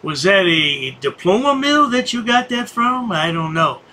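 A man's voice: sits high, animated, measured pace, bright, forceful tone. A man hosting a commentary channel, mocking the people in the clips he plays with sarcastic remarks. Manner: sneering, sarcastic.

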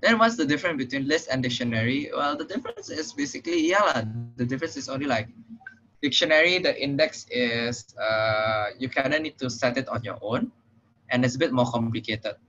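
A young man with a Singaporean English accent teaches programming over an online call. He talks casually, with frequent fillers and "right?" check-ins, in a bright, forceful voice. The audio is muffled and lo-fi, like a computer microphone. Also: medium pitch, animated, fairly quick, a little hiss or hum. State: slightly out of breath. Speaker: programming tutor. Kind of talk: online tutorial lesson.

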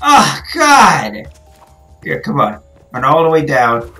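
Gal yelling at a video game, slow drawn-out talk, cusses constantly, some game music under it. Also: female voice, sits low, huge pitch swings. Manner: frustrated, swears a lot, yells at the game. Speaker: gaming channel host. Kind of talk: let's play commentary.

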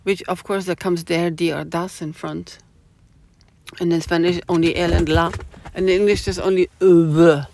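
A woman's voice: lowish voice, steady tone, moderate pace, vocal fry, darkish tone. A woman talking casually to her phone camera in a rambling, opinionated monologue full of asides. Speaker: vlogger. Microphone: small phone camera.

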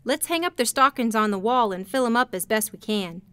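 A woman reading a storybook, voicing a young soldier home from war in a plain slightly lower voice. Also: expressive, a little fast, fairly bright tone, smooth, dry recording. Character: young wounded soldier, glum then cheerful.

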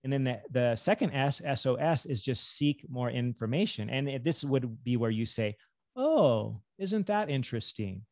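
A middle-aged man, a physician and health coach, talking as a podcast guest in an animated, enthusiastic way. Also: mid-range voice, normal speed, hardly any pauses, dry recording, studio quality. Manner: animated, enthusiastic, jumps into acted self-talk. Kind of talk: casual podcast conversation.

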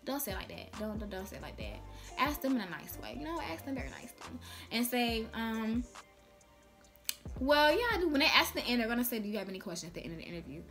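Young woman vlogger, sassy and playful, slightly high voice over light music. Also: big pitch swings, quick pace. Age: young adult. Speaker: vlogger giving job tips. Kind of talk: casual chat to camera.

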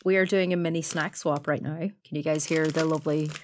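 A woman's voice: sits low, fairly even intonation, a little fast, a little mellow, slight background noise. A woman with an Irish accent co-hosting a podcast in casual chat, chatty and playful, often laughing. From Ireland. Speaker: podcast co-host.

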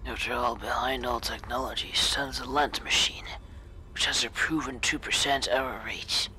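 A streamer voicing a middle-aged male scientist who muses in a low, hushed, half-whispered way. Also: steady tone, normal speed, slight background noise, low-quality recording. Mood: musing.

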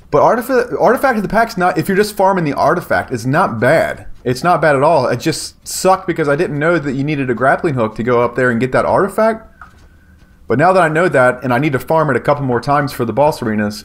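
A man giving casual, excitable commentary on his gameplay, talking to viewers and yelping when danger shows up. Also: medium pitch. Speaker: gaming YouTuber.

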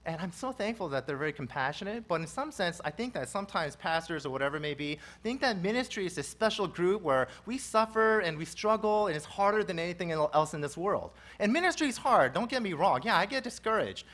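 A male pastor delivers a sermon with earnest conviction. He swings between loud, forceful emphasis and quiet, low stretches as he presses his points. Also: very animated, fairly quick, hardly any pauses. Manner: earnest preaching with rising and falling emphasis.

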